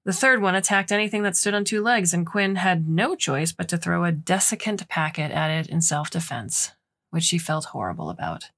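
A woman narrating a short story aloud, expressive and acting out the dialogue. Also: fairly low pitch, moderate pace. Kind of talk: audiobook story reading.

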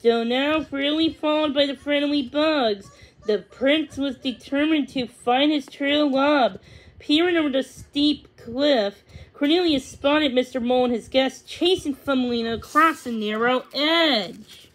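A woman narrating a storybook read-aloud in a measured, expressive way. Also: sits high, poor audio. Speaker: reader.

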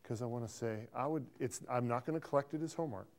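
A middle-aged man teaches an accounting class, teasing and playful, quizzing students and praising them over and over. His voice is medium-pitched, slightly mellow and quick.

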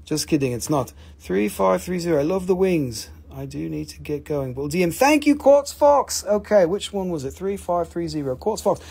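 A man hosting a live mineral sale, joking, swearing, and pitching his stones with enthusiasm. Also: lively intonation, moderate pace, creaky, few pauses, a little mellow, breathy edge. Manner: joking, profane, enthusiastic salesman. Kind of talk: livestream sales chat.

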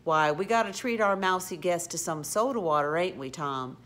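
A woman's voice: fairly low pitch, expressive, moderate pace, a bit bright. A woman voicing a sly, giggling sailor man with a folksy, drawling way of talking.

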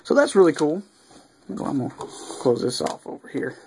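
A man giving casual unboxing commentary, reading off cards one by one with easygoing, mildly excited asides and fillers. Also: on the high side, normal speed, vocal fry, noisy background. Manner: easygoing, reads off cards one after another. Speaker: video creator opening card packs.

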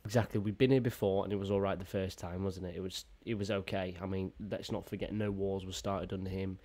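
A man talks over clips with a mocking, foul-mouthed edge, and his voice sits a little low. He runs a casual reaction commentary, scoffing at what he sees. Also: flat delivery, fast, dark tone. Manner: mocking, profane, sarcastic.

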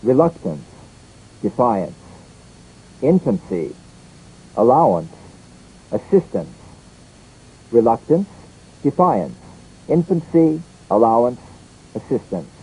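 A man's voice: mid-range voice, slow pace, pauses often, slightly rough, poor audio. A man leading a scripted English pronunciation drill, saying each word and sentence twice. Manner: lively, repeats each word and line twice.

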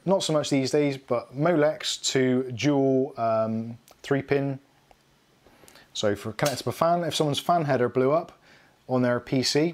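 A middle-aged man hosting a live tech stream, rambling and self-mocking as he goes through his tools. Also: medium pitch. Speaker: tech channel host. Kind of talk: casual live unboxing chat.

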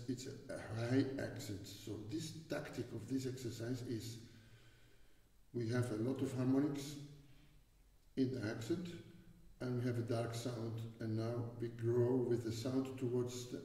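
A man teaching a wind instrument lesson, explaining exercises in a halting way with many restarts. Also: mid-range voice, warm tone. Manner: halting, with frequent restarts and fillers. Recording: echoey hall, voice from far off.

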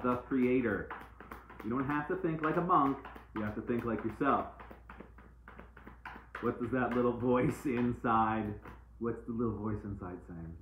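A man's voice: medium pitch, a little hiss or hum. A man giving a casual, playful live-stream oracle card reading, repeating uplifting phrases like mantras. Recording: echoey room, tinny phone-like sound.

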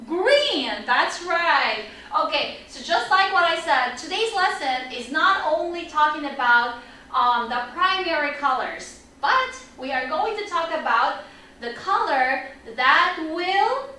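A woman teaching an online English lesson for children, energetic and upbeat, leading repeat-after-me drills. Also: sits high, takes it slowly. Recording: echoey room, mic at a distance.

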